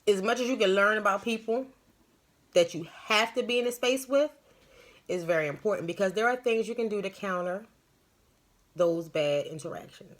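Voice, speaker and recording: A woman's voice: medium pitch, normal speed. A woman hosting a live stream as a spiritual medium, telling stories and giving advice in a rambling, emphatic, slangy way.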